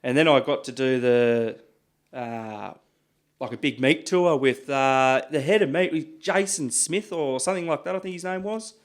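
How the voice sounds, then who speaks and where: An Australian man telling stories in a casual podcast chat, animated and swearing freely. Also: mid-range voice, moderate pace. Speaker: podcast guest, butcher. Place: podcast studio.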